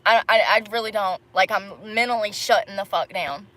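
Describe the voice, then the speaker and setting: A woman's voice: medium pitch, moderate pace, sharp tone. A young woman ranting in a casual livestream, frustrated and swearing as she rambles.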